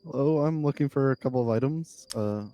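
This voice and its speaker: A man's voice: medium pitch, fairly quick, dark tone, no echo. A man speaking as his character in a tabletop game, casual and a little hesitant. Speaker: player.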